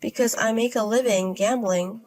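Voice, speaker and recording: A woman voicing an unbothered young woman who gambles, speaking in a low-key deadpan way in a storybook. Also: normal speed, soft background music, lightly acted.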